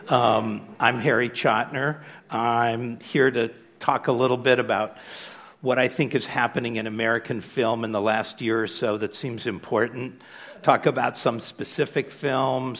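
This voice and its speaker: Relaxed, conversational male lecturer. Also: mid-range voice. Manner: relaxed, conversational, with frequent fillers. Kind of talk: public lecture.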